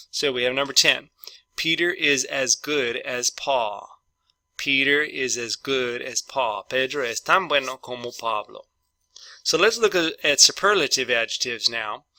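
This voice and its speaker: A middle-aged man teaches English grammar with a very bright, forceful tone. He goes over each example sentence slowly and switches back and forth into Spanish to translate. The recording is close and dry, with no room sound. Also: mid-range voice, no room sound. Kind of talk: bilingual grammar lesson.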